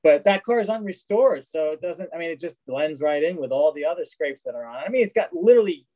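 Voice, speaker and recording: A man's voice: a little high, lively intonation, fast talker, warm tone, rough recording. A man as an interview guest, telling casual stories about his race cars with many restarts and acted-out quotes. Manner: rambling anecdotes with frequent restarts and acted-out quotes. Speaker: guest, race car collector. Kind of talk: casual storytelling.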